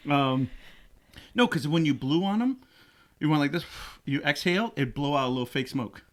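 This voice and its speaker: A man's voice: brisk, slight background noise. A middle-aged man from Rhode Island hosting a podcast in casual chat, often laughing and slipping into silly voices. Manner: animated, jumps into high silly voices when quoting, laughs often. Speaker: podcast host.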